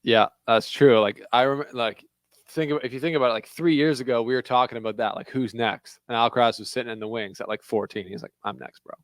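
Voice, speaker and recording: Smooth-voiced Canadian man chatting. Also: mid-range voice, steady tone, quick pace, no room sound. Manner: chatty, loose, full of "like" fillers. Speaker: podcast co-host. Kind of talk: casual chat.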